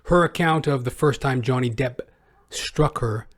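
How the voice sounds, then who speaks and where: A male podcast host giving rambling, sarcastic commentary. He talks casually with plenty of profanity and filler. His pitch sits in a middling range. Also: measured pace.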